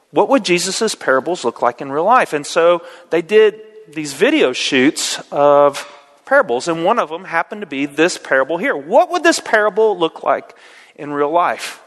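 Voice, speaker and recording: A male preacher praying and then retelling a story in a folksy, animated way, with frequent fillers, in a church. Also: a little high. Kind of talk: sermon storytelling. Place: church sanctuary. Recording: echoey hall reverb.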